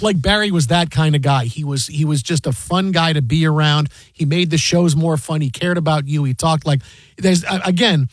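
Sports talk co-host, male, thirties; slightly husky, animated storyteller, acts out quotes. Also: a little high, moderate pace, no echo. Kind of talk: casual radio chat.

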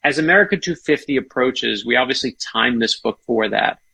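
A man's voice: mid-range voice, expressive, brisk, creaky, pushed and bright, husky. A man, an author and guest, telling history stories enthusiastically in casual interview chat. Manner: enthusiastic, storytelling.

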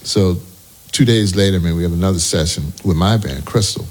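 A man, a musician guest, telling animated anecdotes in a casual interview. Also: sits low, brisk. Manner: animated anecdotes, breaks into sung snippets and quoted voices.

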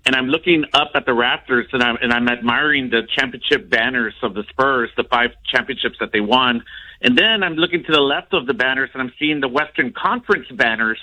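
A man's voice: mid-range voice, a little fast, pushed and bright, low-quality recording. A man calling a radio show who rambles and hesitates, with many fillers as he talks. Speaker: radio caller. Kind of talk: casual phone call.

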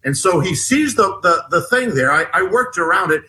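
A man with a fairly high, bright, forceful voice tells a story as a guest on a talk show. He stops and restarts often and acts out what each person said. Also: animated. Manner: halting, many restarts, acts out dialogue. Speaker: guest author. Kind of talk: animated storytelling in an interview.

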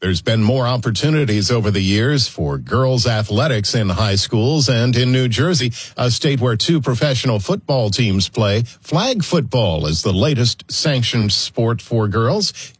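Lively male radio news anchor. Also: medium pitch, measured pace, slightly rough, dry recording. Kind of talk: radio newscast.

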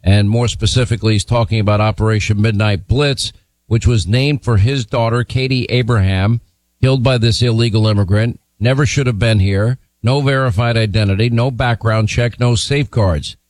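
A man's voice: fairly low pitch, steady tone, moderate pace, a little mellow, dry recording. A man hosting a cable news interview, speaking with a firm, pointed delivery. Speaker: TV news host.

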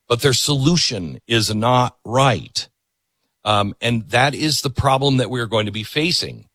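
A man's voice: medium pitch, a bit bright, no room sound. A middle-aged man hosting a political talk show, delivering an emphatic monologue and repeating words for emphasis.

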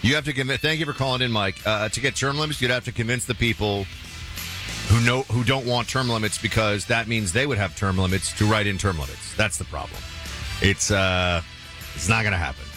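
A man hosting a talk radio show, taking calls in a relaxed, conversational way. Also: fairly low pitch, fairly quick, music in the background. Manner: relaxed, conversational, a few filler restarts.

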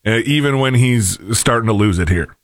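A man's voice: mid-range voice, lively intonation, moderate pace, dry recording, clean studio sound. A man co-hosting a podcast in casual chat, teasing his partner and offering thoughtful asides. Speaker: podcast co-host.

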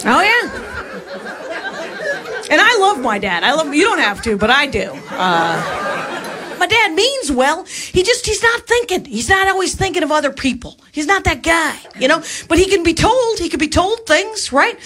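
Animated woman doing stand-up before a laughing crowd. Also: very high voice, normal speed, a little hiss or hum. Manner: animated storytelling, acts out quoted lines. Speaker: stand-up comedian. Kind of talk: stand-up comedy routine. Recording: live club with crowd laughter. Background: audience laughing.

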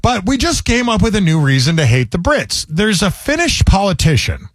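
A man's voice: sits high, sing-song, normal speed, a bit bright, no echo, clean studio sound. A man hosting a comedy talk show, ranting in a sardonic, joking way in casual chat. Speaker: comedy podcast host.

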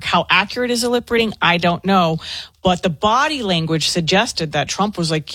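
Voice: medium pitch, normal speed, a bit bright, no echo. Chatty radio co-host, dry sound. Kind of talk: casual talk radio chat.

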